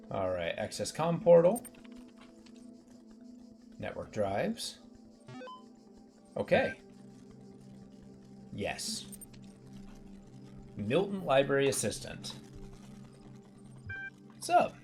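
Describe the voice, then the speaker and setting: Lively male game streamer. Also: medium pitch, creaky. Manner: reads on-screen text aloud and remarks on it offhandedly. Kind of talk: casual game commentary.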